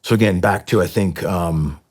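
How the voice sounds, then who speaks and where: Man, middle-aged, deep voice, raspy tone, earnest halting storytelling, podcast guest. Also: darkish tone. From United States. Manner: earnest, halting, with frequent fillers and restarts. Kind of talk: emotional personal storytelling.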